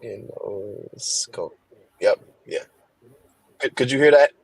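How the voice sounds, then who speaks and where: A man's voice: medium pitch, no room sound, rough recording. A man reading Bible verses aloud in a casual class, stopping and restarting with fillers. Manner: halting, reads slowly with fillers. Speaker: scripture reader in a Bible class. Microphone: headphones on a stream.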